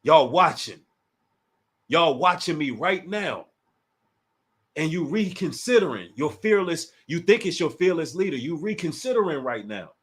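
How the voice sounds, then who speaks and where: A little high in pitch and very animated, this man speaks at a measured pace. He's a D.C.-area livestream host keeping it casual while taunting a rival and talking directly to chat.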